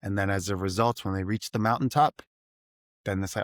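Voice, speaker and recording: A middle-aged man, a math teacher and podcast guest, talking casually and animatedly, slipping into high put-on student voices as he tells stories. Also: steady tone, a little fast, dry recording, studio quality. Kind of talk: casual interview conversation.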